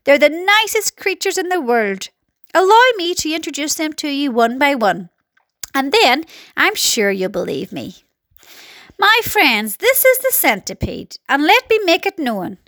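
A woman's voice: sits high, sing-song, unhurried, fairly bright tone, dry recording, studio quality, exaggerated voice. A woman voicing a cheerful, friendly small boy in a storybook reading, speaking earnestly and in a sing-song way. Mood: proud, rhyming.

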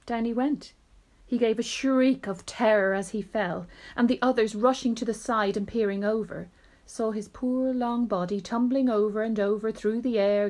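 A woman's voice: mid-range voice, darkish tone. A woman, a teacher, reading a children's book aloud to a class, telling the story expressively.

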